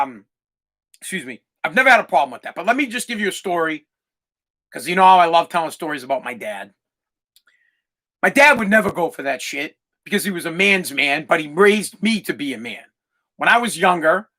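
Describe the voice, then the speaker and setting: A man's voice: a little high, expressive, brisk, sharp tone. A man in his thirties hosting a podcast, ranting bluntly with lots of swearing and telling stories about his father. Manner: blunt, profane, heated storytelling. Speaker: podcast host. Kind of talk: ranting monologue.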